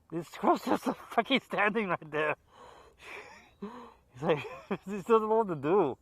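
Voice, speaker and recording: Excitable man hosting a horror movie show. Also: sits high, a little slow, long pauses, breathy edge, dry recording. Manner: excitable, laughs a lot, jokey asides. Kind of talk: casual off-the-cuff intro. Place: outdoors in a park.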